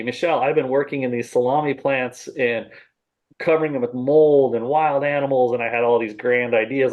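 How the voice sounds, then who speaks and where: A man's voice: medium pitch, moderate pace, dull audio. Middle-aged man telling stories with a chuckle. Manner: animated storyteller who acts out his own remarks, laughs often. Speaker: podcast guest, salami maker. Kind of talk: casual storytelling interview.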